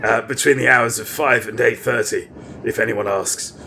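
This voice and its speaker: Gravelly deadpan man with stammers. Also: medium pitch, normal speed, slight background noise. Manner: deadpan, mock-indignant, stammering. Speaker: comedy podcast co-host. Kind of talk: casual comedic banter.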